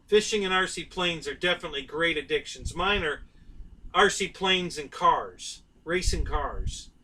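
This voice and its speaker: A man's voice: a little high, animated, a little slow, pushed and bright, far from the mic, rough recording. A middle-aged man, hosting a casual live stream and rambling to his viewers by name.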